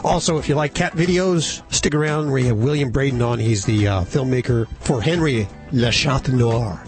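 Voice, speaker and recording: A man hosting a radio show, giving the call-in number and promoting upcoming guests in a relaxed, conversational way. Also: mid-range voice, normal speed, soft background music.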